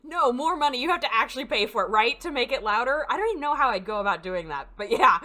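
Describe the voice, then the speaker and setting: A woman's voice: fairly high pitch, sing-song, fast, sharp tone. A woman streamer chatting casually and giggling while she plays a mystery game. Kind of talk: casual gameplay commentary. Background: background music.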